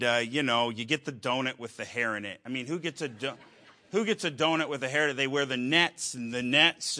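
A man preaching a sermon, telling a story with halting restarts and wry humor. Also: a little high, sharp tone.

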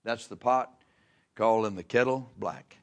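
Male pastor, mid-pitched voice, folksy plain-spoken sermon with emphatic repetitions. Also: measured pace. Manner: preaching with emphatic rises and repeated phrases.

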